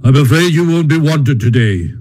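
A man voicing a stern, severe old male badger who lectures in a measured way in a storybook reading. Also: a little high, lively intonation, a little mellow, low-quality recording. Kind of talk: audiobook character reading.

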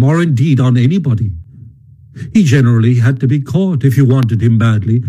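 A man narrating a classic children's story in a measured storytelling voice, sometimes stumbling over a word. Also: mid-range voice, dark tone, low-quality recording. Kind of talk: audiobook narration.

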